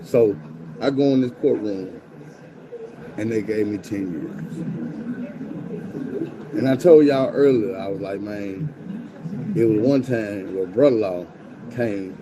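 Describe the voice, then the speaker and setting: A man tells a story in casual, profane street slang, acting out quotes with animated swings in his voice. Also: on the low side, slow pace, pauses often, crowd noise, rough recording.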